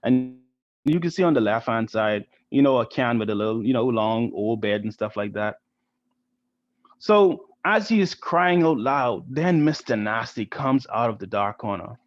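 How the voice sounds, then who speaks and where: A man's voice: medium pitch, expressive, moderate pace, highs cut off. A man from the Bahamas, a volunteer art teacher, reading a story to children over a video call in a chatty way, often asking "right?". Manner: chatty, asks the kids "right?". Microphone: computer mic on a video call.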